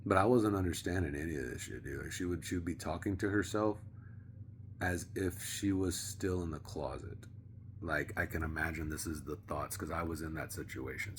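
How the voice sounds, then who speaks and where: Deep-voiced man rambling in a vlog. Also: steady tone, brisk, slight background noise. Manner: rambling, profane, slangy, drops to a hush at times. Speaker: vlogger. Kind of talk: casual rambling monologue.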